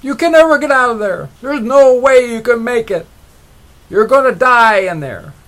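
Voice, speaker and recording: A man voicing a crowd of scornful frogs in a story, shouting in a high squeaky voice. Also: expressive, normal speed.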